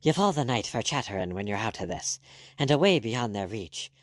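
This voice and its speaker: A curt, peremptory doctor giving sharp orders in a low voice, as a man narrating a storybook puts him on. The recording is dry and close. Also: big pitch swings, brisk, no echo. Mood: urgent. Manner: snappish, peremptory.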